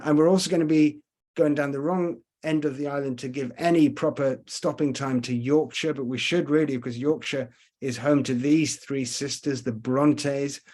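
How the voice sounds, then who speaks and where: Male tour guide, mid-pitched voice, relaxed and rambling, often stops to think mid-sentence. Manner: chatty, rambling, frequent pauses to think. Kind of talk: virtual tour talk over slides.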